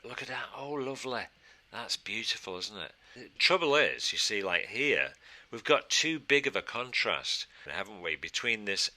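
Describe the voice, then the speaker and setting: A man's voice: on the low side, bright, forceful tone. A man teaching a casual design tutorial, thinking aloud and answering his own questions as he works. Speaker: design instructor. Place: studio.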